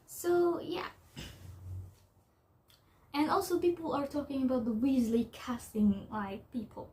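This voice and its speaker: A young adult woman in a casual vlog commentary, talking haltingly with lots of fillers and restarts. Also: high voice, expressive, dark tone. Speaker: YouTuber.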